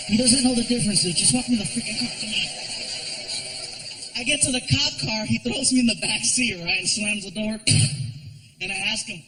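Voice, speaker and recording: A man doing stand-up comedy, telling a story and acting out the people in it with animated voices on a stage mic. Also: high-pitched, a little fast, pauses often, low-quality recording. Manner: animated, acts out characters with voices. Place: theater stage before a live audience.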